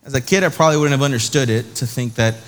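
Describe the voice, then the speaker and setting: A man's voice: mid-range voice, racing, in a large hall. A young man, a youth pastor, preaching a sermon in a casual, slangy storytelling way and acting out the voices in his anecdotes. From South Dakota.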